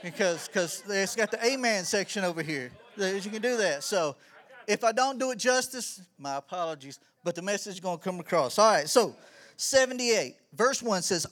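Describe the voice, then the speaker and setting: A middle-aged man giving an energetic, preacherly church talk as a children's ministry pastor, rising to emphatic shouts. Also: high-pitched, fairly quick.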